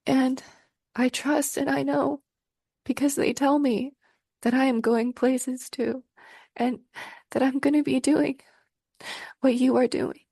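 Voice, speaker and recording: Slow, gravelly-voiced emotional woman host. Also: high-pitched, fairly even intonation, dark tone, no room sound, clean studio sound. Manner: effusive, emotional, gushing praise. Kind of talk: spiritual conversation.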